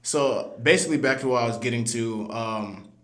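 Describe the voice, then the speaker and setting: A man's voice: mid-range voice, normal speed, a bit bright. A man hosting a podcast interview in a slangy, laid-back, casual way. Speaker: podcast host. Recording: roomy echo.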